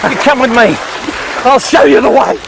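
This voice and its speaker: A man's voice: very high voice, moderate pace, vocal fry, noisy background. A man with an Australian accent hosting a fishing show, exclaiming and teasing in playful banter on a boat at sea. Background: music.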